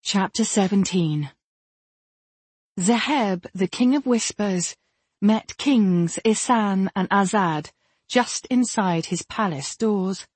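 A woman narrating an audiobook in a measured, steady reading style. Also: mid-range voice, slightly rough, no echo. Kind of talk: scripted narration.

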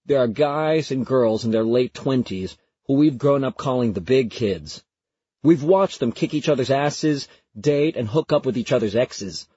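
A man narrating a first-person story in a lively, conversational way with a husky voice. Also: medium pitch, dry recording. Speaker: audiobook narrator. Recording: dry, slightly muffled recording.

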